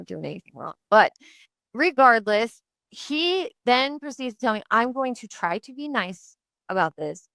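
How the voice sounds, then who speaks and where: A woman hosting a podcast, telling a story in a chatty, animated way with many fillers. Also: medium pitch, vocal fry, clean tone, dry recording. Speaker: podcast host.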